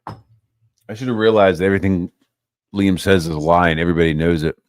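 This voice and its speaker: A man's voice: low-pitched, a little fast, no echo, clean studio sound. A man ranting casually about online drama, swearing a lot and mocking others in put-on voices. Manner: profane, animated, mocks others in put-on voices. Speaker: channel host.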